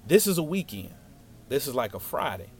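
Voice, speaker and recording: A man telling a story from his childhood in a casual, slangy, animated way. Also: mid-range voice, normal speed, breathy edge, soft background music.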